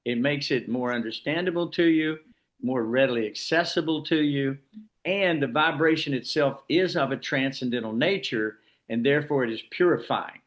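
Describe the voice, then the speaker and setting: A man's voice: mid-range voice, normal speed. Man, class leader, rambling, explanatory, informal discussion group. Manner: rambling, explanatory, frequent restarts.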